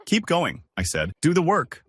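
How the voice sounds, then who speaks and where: Lively-voiced male story narrator. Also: fairly high pitch, moderate pace, slightly rough, no room sound, studio quality. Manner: steady storytelling, lines read one after another. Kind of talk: scripted first-person story narration.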